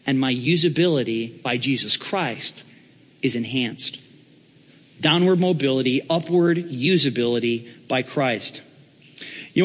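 A pastor preaches in a conversational way, joking with his congregation. His voice is husky and rises and falls a lot. A long reverb from a large hall follows him. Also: medium pitch. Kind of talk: sermon.

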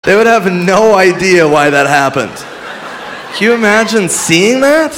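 A man doing a crude stand-up bit, quick and loose, breaking into shouted voices. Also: sits high, lively intonation. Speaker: stand-up comedian. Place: comedy club stage. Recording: live club with crowd noise. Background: audience laughter.

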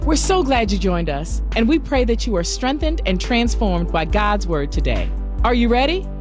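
Woman radio announcer, scripted intro, very lively intonation, music playing underneath. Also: fairly high pitch, normal speed.

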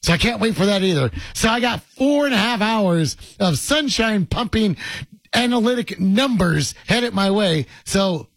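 A man's voice: sits high, animated, normal speed, no echo. A man hosting a sports radio show, teasing his guest with sarcastic, grumbling banter in a studio.

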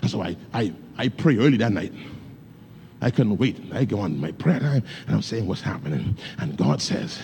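A gravelly, warm, lowish voice carries this pastor's sing-song sermon at normal speed, with a little hiss or hum. He preaches fervently in casual grammar, telling stories, calling to the congregation and speaking in tongues.

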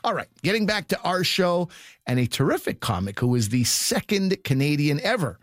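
A man's voice: a little high, sing-song, moderate pace, no echo, clean studio sound. A man hosting a comedy show, giving upbeat scripted announcements and introductions. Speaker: show host. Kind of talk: scripted radio-style announcement. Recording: voice over guitar music. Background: guitar music.

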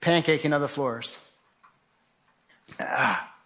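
A man's voice: a little high, slow pace, fairly bright tone, a little hiss or hum. A man giving a vivid, urgent testimony talk, telling a survival story with remarks of faith. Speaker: guest speaker.

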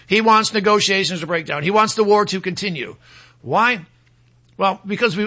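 A middle-aged man hosting a political talk radio show, rambling and mocking with animated asides. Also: sits high.

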